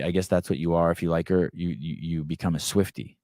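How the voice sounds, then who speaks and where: Man, very low voice, podcast host, rambling casual talk, dry close sound. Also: moderate pace, darkish tone, no room sound. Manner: rambling, restarts often, acts out quotes. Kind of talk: casual monologue.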